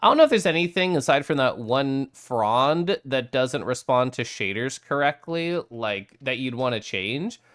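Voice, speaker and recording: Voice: medium pitch, expressive, unhurried, hardly any pauses, fairly bright tone. A streamer chatting casually on a live stream, reading out viewer messages, greeting viewers and laughing often.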